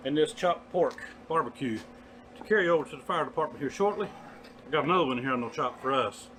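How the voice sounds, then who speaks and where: A man's voice: a little high, fast talker, a bit bright, a little hiss or hum. A man with a Southern US accent, hosting a casual cooking vlog in a folksy way and calling his viewers y'all. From Southern United States. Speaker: cooking vlogger.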